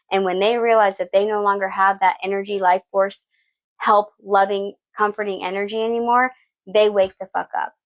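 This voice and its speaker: A woman gives a live tarot reading in a medium-pitched voice on a muffled recording. She's blunt and preachy, swears freely, and asks "okay?" over and over.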